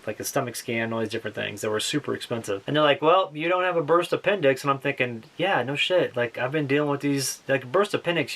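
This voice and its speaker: A man's voice: medium pitch, fairly bright tone. A young man speaking casually to camera about his own experience, rambling and plain-spoken, with frequent restarts. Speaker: outdoor vlogger telling his own story.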